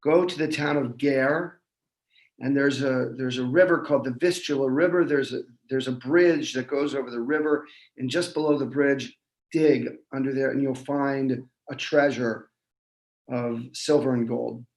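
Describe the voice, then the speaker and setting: A man's voice: medium pitch, steady tone, normal speed, echoey room, lightly acted, low-quality recording. A man doing a wise old rabbi giving orders. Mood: instructing. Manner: warm, instructing.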